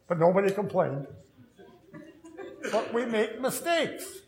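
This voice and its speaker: A man's voice: high voice, big pitch swings, a little slow, long pauses, a little mellow, reverberant, poor audio. A man who is a pastor, preaching an earnest sermon with storytelling and self-deprecating humor.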